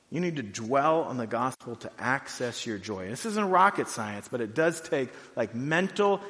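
A pastor preaching a sermon in a conversational way, full of "like"s, going from quiet and low to loud and high. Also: male voice, big-room sound. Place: church hall.

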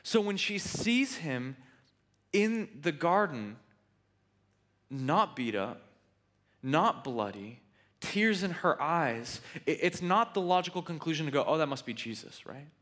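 Lively guy preaching, casual and jokey, kinda high voice. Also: slow, long pauses. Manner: animated, conversational, joking asides. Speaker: pastor. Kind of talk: sermon.

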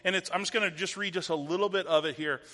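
A man's voice: high-pitched, fast talker, sharp tone. A man in his thirties giving a conversational sermon as a pastor, asking the audience rhetorical questions. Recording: long hall reverb.

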